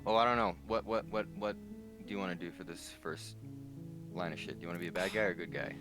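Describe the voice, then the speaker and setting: A man's voice: deep voice, steady tone, fast. A man chatting along with a friend's game stream, laid-back, swearing freely and giving tips. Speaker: guest friend on call. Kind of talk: casual gaming chat. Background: game music.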